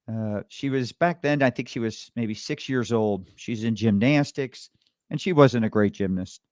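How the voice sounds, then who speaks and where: A man's voice: medium pitch, unhurried, darkish tone, no echo, clean studio sound. A man hosting a podcast, chatting casually and restarting his sentences often. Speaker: podcast host.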